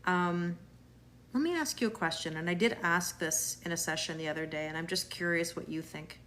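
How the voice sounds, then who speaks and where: A woman's voice: on the low side, normal speed, fairly bright tone, a little hiss or hum. A Canadian woman runs a live tarot stream, greeting viewers and answering them as she goes. Her talk is chatty and reassuring, and she often trips over and restarts her words. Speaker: tarot reader.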